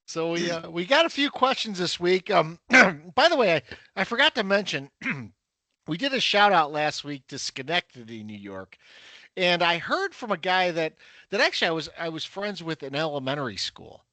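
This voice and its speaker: A man with a slightly high voice hosts a casual sports podcast. He talks in an easy, conversational way and leads the group from one topic to the next. The sound is dry and close. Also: very animated, normal speed, sharp tone, no echo. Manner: conversational, runs the segments. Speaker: podcast host. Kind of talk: casual chat.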